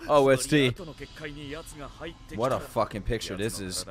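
A man giving excitable reaction commentary on an anime, with loud, profane outbursts and laughing exclamations. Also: medium pitch, moderate pace, pauses often. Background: faint anime soundtrack music.

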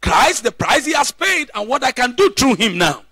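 A male pastor preaches in a very high, piercing voice, hammering home his points with repeated questions thrown back at the congregation. The sound is dry and close, with almost no room echo. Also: big pitch swings, moderate pace, bright, forceful tone, breathy edge. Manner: emphatic preaching with repeated call-and-response questions. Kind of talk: sermon. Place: church.

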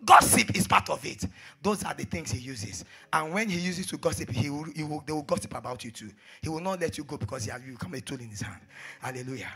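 A man preaches a sermon, repeating phrases and swinging from hushed asides to shouted exhortations. His voice is fairly high, fast and husky.

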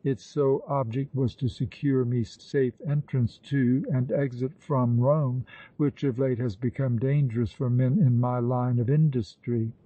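Male reader as a composed bandit leader, bold and deliberate. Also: medium pitch, fairly even intonation, mellow, no room sound, highs cut off, natural voice. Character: bold, self-possessed brigand chief.

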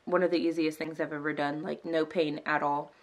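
A woman's voice: deep voice, flat delivery, fairly quick. A young woman talking casually to camera as a new mother, emotional and close to tears, with lots of "like" and "um" fillers. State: teary.

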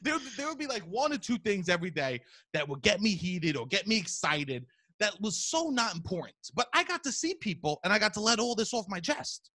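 A man, hosting a podcast in casual chat, loud and profane, telling animated stories. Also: high voice, a little fast. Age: 30s. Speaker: podcast host.

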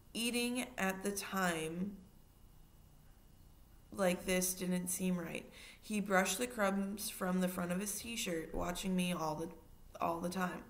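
A woman reading a children's novel aloud in steady narration, now and then adding a short aside to her listeners. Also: lowish voice. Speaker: reader.

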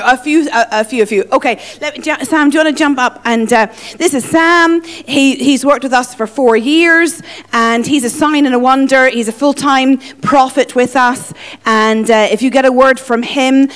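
Irish woman, guest teacher, light teasing delivery, slightly high voice. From Ireland. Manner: playful, jokey with the audience. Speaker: guest speaker. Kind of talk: teaching session.

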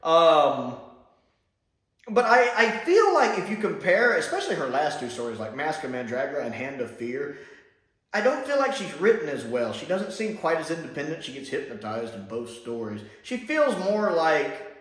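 Lively, animated male reviewer. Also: fairly high pitch, normal speed. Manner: enthusiastic, laughs often. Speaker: TV show reviewer. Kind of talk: casual solo review vlog. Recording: very echoey room.

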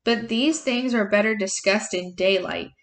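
A woman reading aloud the lines of an older male magician mentor, measured and gently insistent, in a slightly lower voice than her own. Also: close to an everyday voice. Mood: calm.

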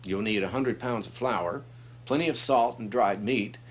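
A man's voice: medium pitch, normal speed, a bit bright, a little hiss or hum. A man giving a friendly, explanatory introduction to a children's book. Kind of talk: casual spoken introduction.

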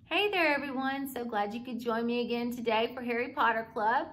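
A woman's voice: on the high side, a little fast, a bit bright, a little hiss or hum. A woman hosting a children's library club, reading a story aloud and showing a simple craft in an upbeat, kid-friendly way.

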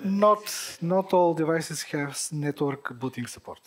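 A man answering audience questions at a tech conference, halting, with many fillers and restarts, a native Bulgarian speaker. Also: a little high, animated.

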